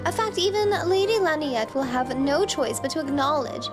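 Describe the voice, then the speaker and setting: A woman's voice: high voice, lively intonation, moderate pace. A woman reading as a pompous young noble knight. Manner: pompous, formal old-fashioned phrasing. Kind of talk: reading game dialogue aloud. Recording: game music playing underneath.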